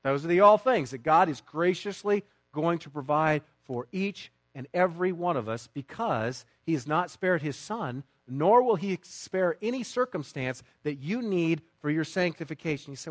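Guy preaching a sermon, highish voice, punches some words and drops to quiet asides, dry close sound. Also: lively intonation, moderate pace, hardly any pauses, no room sound. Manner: emphatic preaching, swinging between loud stresses and quiet asides. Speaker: pastor.

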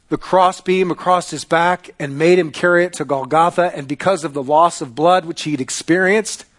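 A man preaching a sermon, telling a story dramatically and swinging between loud passages and hushed ones. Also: a little high. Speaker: pastor.

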